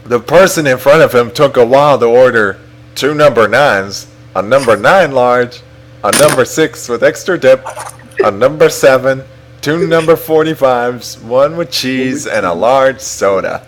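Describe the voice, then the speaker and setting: A young man reading a comedic fan story aloud to a chatroom, animated and often laughing. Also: mid-range voice, measured pace, a little hiss or hum, rough recording. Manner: animated, laughing, breaks off to fix typos.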